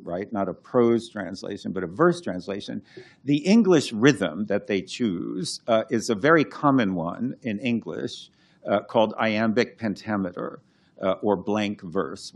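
A classics scholar and translator explains his work in a conversational lecture, thinking aloud with many restarts and chanting verse rhythms as examples. His voice is lowish and a little mellow.

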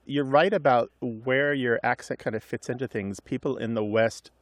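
A man's voice: mid-range voice, fairly even intonation, normal speed, no room sound. A middle-aged man co-hosting a language call-in radio show, explaining in a chatty way with asides. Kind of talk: casual radio chat and explanation.

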